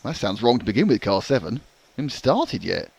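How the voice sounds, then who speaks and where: A man's voice: fairly low pitch, very animated, vocal fry, slightly rough. A man doing live race commentary, joking and teasing his co-host. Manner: jokey, quick, teasing. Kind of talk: live sport commentary with banter.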